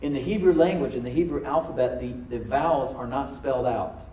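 This sermon comes from a pastor with a mid-range voice who speaks fairly quickly before a live congregation. He reads scripture, softens his voice for emphasis, and calls on the room to respond. The church sounds echoey, and the rough recording carries a little hiss or hum.

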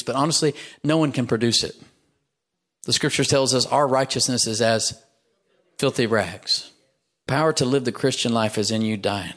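A man's voice: medium pitch, a bit bright. Man preaching a conversational church sermon. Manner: conversational preaching, rising to emphatic lists. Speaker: pastor. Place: church sanctuary.

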